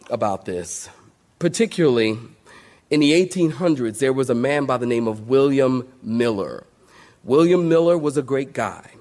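A man's voice: medium pitch, darkish tone. A male pastor preaching a sermon to a congregation, emphatic, calling out to the saints for responses.

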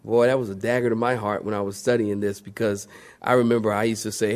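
A male pastor preaching a sermon to a congregation, swinging between loud emphatic highs and hushed lows and calling for amens. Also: level tone, fast. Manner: call-and-response with the congregation.

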